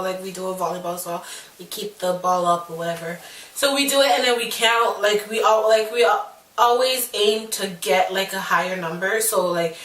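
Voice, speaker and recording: Young woman vlogger, casual storytelling, acts out her quotes with lively pitch swings; roomy echo, sitting a little back from the mic. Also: distant mic. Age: 20s. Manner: animated, acts out quoted lines in shifting pitch.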